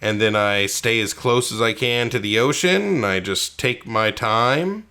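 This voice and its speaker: A man's voice: fairly low pitch, measured pace. A man co-hosting a comedy podcast, telling stories with lots of swearing and acted-out quotes. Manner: animated storyteller, swears a lot, acts out quotes. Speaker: podcast co-host. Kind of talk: casual podcast banter.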